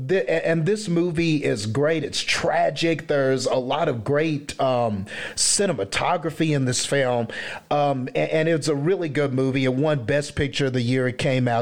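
A man talks through his thinking on a podcast, pausing often and restarting his sentences. His voice sits mid-range and sounds plain. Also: mid-range voice. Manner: hesitant, full of fillers and restarts. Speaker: podcast co-host. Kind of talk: casual chat.

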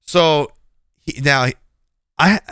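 A man's voice: fairly high pitch, extremely slow, bright, forceful tone, clear, resonant tone, dry recording, clean studio sound. A male podcast host in casual chat, telling a story bluntly and animatedly, acting out the quoted lines and swearing now and then.

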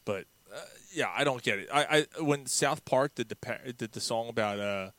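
A man's voice: mid-range voice, moderate pace, fairly bright tone, no room sound. A man co-hosting a podcast, chatting casually in a profane, rambling, digressive way. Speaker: podcast co-host. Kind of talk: casual chat.

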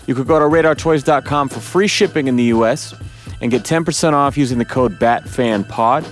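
A man's voice: mid-range voice, fairly quick. A man hosting a laid-back podcast, chatting loosely with friends. He swears freely and slips into little acted quotes when he retells stories. Faint music sits behind him. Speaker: podcast host. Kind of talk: casual podcast chat.

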